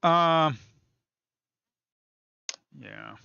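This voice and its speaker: A man's voice: a little high, expressive, extremely slow, vocal fry, sharp tone, clear, resonant tone, no echo, muffled recording. A man commenting casually on live trading, talking to viewers as folks, swearing and teasing the market. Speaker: day trader streaming live.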